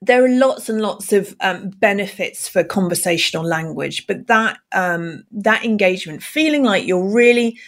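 A woman who works as an email communication expert, speaking as a podcast guest with energy, expressive and full of ums. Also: medium pitch, moderate pace, few pauses. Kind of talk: casual podcast interview.

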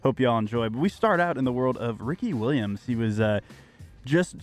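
A man hosts a relaxed sports podcast, setting up clips and chatting about them. His voice is ordinary in pitch, with faint music behind him. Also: normal speed. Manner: casual, introducing clips. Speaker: podcast host. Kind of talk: casual sports podcast chat.

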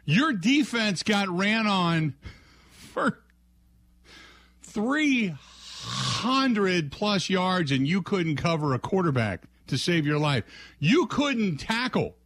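A man's voice: sits high, big pitch swings, slow, fairly bright tone, no room sound. A man from the hosting a sports radio show, ranting in a mocking, exasperated way and acting out silly scenes. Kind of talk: ranting sports talk with comic bits.

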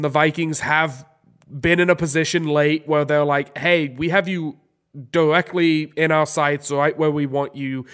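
A man's voice: a little high, clear, resonant tone. Congested, rambling sports podcast man. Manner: rambling, excitable, many restarts. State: congested from a cold. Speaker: podcast co-host. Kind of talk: casual sports chat.

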